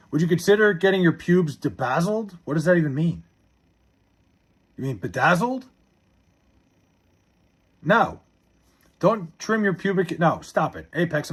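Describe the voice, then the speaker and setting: A man's voice: fairly high pitch, a bit bright, husky. A young man from Long Island, New York, chatting on a live stream and reading viewer comments aloud in a blunt, profane, half-laughing way.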